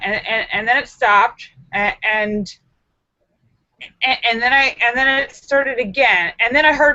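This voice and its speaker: A woman's voice: on the high side, normal speed, bright, forceful tone, no room sound, highs cut off. A woman hosting a casual live stream from home, greeting viewers by name and telling a story with squeals and exclamations. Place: home in the city.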